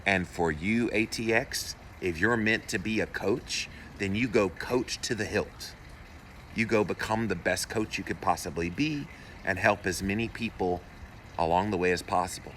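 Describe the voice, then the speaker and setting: A male health-show host talks alone to his live audience in an earnest, encouraging, slightly preachy way. His voice sits low, but it comes across bright and forceful. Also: moderate pace, slight background noise. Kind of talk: solo live-stream talk, reading viewer comments.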